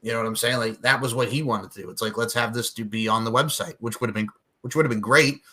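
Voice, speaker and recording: A man hosting a wrestling podcast in casual chat, animated and profane, recalling things like a longtime fan. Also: mid-range voice, fast talker. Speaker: podcast host.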